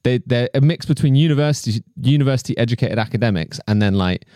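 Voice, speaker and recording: A man, an actor and podcast co-host, chatting casually in an animated, sweary way, full of fillers and restarts. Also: mid-range voice, fast, no echo, clean studio sound.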